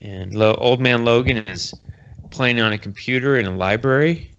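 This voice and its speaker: A man's voice: mid-range voice, normal speed, a bit bright, highs cut off. Man with a jokey, rambling recap. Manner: rambling, jokey, sarcastic asides. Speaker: podcast host. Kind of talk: casual comic-book recap.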